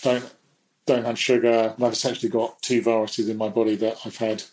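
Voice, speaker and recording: A man's voice: on the low side, flat delivery, fairly quick, darkish tone, low-quality recording. A man speaking as a guest in a candid, reflective conversation, sometimes laughing at himself. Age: adult.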